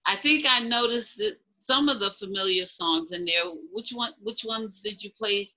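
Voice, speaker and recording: A woman's voice: mid-range voice, moderate pace, sharp tone. A woman hosting an interview over a video call, heaping praise and repeating herself enthusiastically. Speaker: interview host. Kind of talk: warm, effusive interviewing. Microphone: laptop on a video call. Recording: muffled video call audio.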